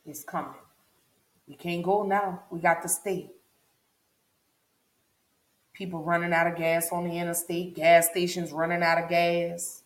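A woman's voice: lowish voice, little pitch movement, measured pace, long pauses. A woman telling her own story as a vlogger, repeating herself for emphasis and speaking straight to her viewers. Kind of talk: personal storytelling vlog. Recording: echoey room.

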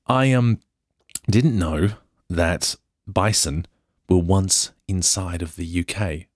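Low husky Australian man, dry close sound. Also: big pitch swings, slow, darkish tone, no echo. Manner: jokey, self-interrupting commentary. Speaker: podcast host. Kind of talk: casual podcast reading of an article with asides. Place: indoor room.

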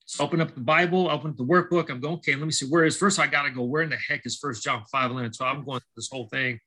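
A man's voice: mid-range voice, rapid-fire, slightly rough, rough recording. A middle-aged man, a baseball coach, telling his life story as a podcast guest and acting out the dialogue as he goes. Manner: animated storyteller acting out dialogue, many restarts. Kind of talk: storytelling interview testimony.

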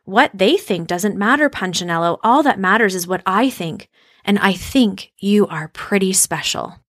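A large, bearded woodcarver who speaks slowly and softly to reassure , voiced by a woman reading a storybook. His words are patient and kind. The sound is dry and close. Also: mid-range voice, animated, no echo. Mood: reassuring. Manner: gentle, slow and reassuring.

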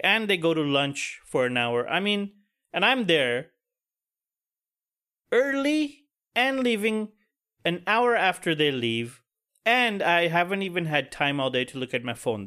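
A man's voice: fairly high pitch, lively intonation, unhurried, pushed and bright. Profane, fed-up man hosting a podcast. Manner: angry, profane, pessimistic venting. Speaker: podcast host. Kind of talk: casual solo podcast rant.

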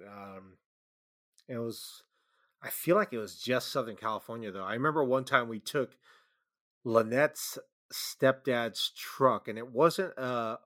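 A man's voice: mid-range voice, a bit bright. A man being interviewed, telling rambling road stories with lots of fillers and restarts. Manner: rambling anecdotes with frequent fillers and laughs. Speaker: guest musician and label founder. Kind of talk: casual interview storytelling.

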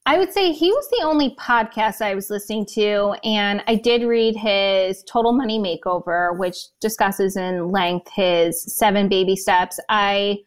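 A woman in her thirties telling her story as an interview guest, emotional and close to tears. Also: medium pitch. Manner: emotional, talks in quick bursts. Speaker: podcast guest.

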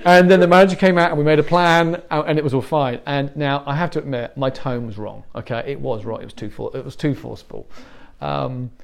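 A man's voice: medium pitch, fairly even intonation, fairly quick, vocal fry. A middle-aged Englishman giving a conversational sermon as a pastor, telling stories with self-deprecating humor.

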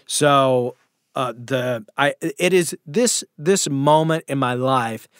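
A man's voice: mid-range voice, slow pace, clean tone, dry recording, studio quality. A man guest telling a story in a casual interview, acting out the voices of the people in it. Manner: animated anecdote telling with acted-out quotes. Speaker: guest comedian and actor.

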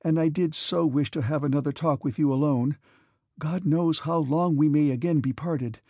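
A man reading aloud and voicing a gentle, earnest young noblewoman who speaks softly and pleads with her brother. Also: fairly high pitch, steady tone, normal speed, breathy edge, dry recording, voice pushed up. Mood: earnest pleading.

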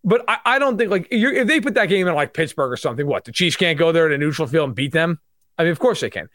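A man with a New York accent talks fast and animatedly, his pitch jumping around as he riffs on football and road trips. The sound is dry and close. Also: dry recording. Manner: fast, animated, self-deprecating banter. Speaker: sports analyst guest. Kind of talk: casual sports talk.

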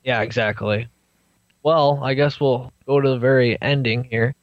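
A man's voice: mid-range voice, moderate pace, no echo, muffled recording. A young man, a podcast guest, telling his own story and acting out what people said. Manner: animated storyteller acting out quotes. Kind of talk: recounting a personal story.

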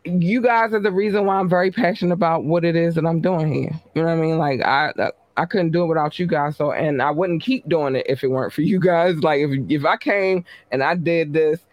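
A woman podcast host giving casual live-stream shout-outs to her listeners, talking in a slangy, blunt, chatty way. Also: low voice, steady tone, brisk, no echo, lo-fi sound.

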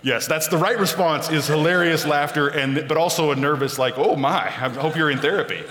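A man's voice: on the high side, a little fast, fairly bright tone, big-room sound. A man preaching a sermon, telling a personal story with self-deprecating humor.

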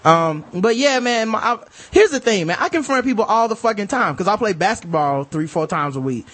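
A man co-hosting a casual podcast chat, animated and profane, acting out other people's lines as he talks. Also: high voice, brisk. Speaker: podcast co-host.

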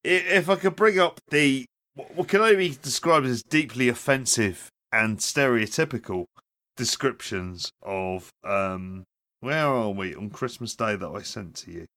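A man's voice: medium pitch, unhurried, a bit bright, dry recording, clean studio sound. A tipsy man co-hosting a casual chat, swearing and laughing through his banter. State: drunk. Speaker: podcast co-host.

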